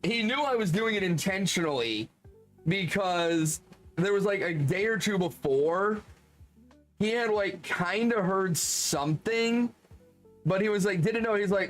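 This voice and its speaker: A man with a notably high speaking voice tells a rambling anecdote on a live stream, animated and quick to laugh, dropping swear words freely. Faint music plays underneath him. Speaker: streamer reading chat. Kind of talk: casual anecdote storytelling.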